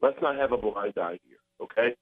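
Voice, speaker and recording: A man's voice: mid-range voice, a little fast. An older man calling into a sports radio show, arguing in a passionate, insistent way. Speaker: caller. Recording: tinny phone line.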